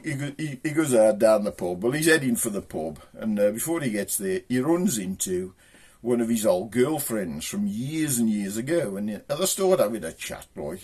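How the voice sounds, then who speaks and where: A man with a Black Country accent telling jokes, doing his characters' voices with shouts and raised pitch. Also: slightly rough. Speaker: joke teller.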